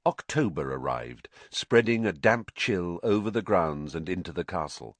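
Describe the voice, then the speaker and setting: Expressive man narrating an audiobook. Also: deep voice, moderate pace, no echo. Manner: expressive storytelling. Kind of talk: scripted narration.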